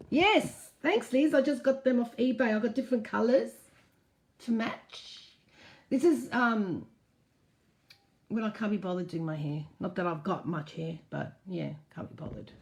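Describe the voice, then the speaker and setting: A woman's voice: a little high, unhurried, vocal fry, pauses often, darkish tone. A woman hosting a casual live stream, reading out viewer comments and answering them frankly. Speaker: host.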